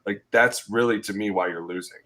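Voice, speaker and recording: A man's voice: on the low side, a little fast. A man in his thirties co-hosting a sports podcast, ranting in casual talk and acting out what players say to each other. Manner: animated ranting, acting out quotes. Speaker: podcast co-host, former player.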